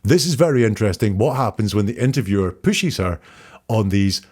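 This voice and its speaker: A man hosting a solo commentary show, quoting interview lines back and picking apart the wording in a measured, analytical way. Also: fairly low pitch, animated, darkish tone. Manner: measured, analytical, quotes lines back then dissects them. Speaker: host analyzing interview language. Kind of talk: solo commentary, breaking down quotes.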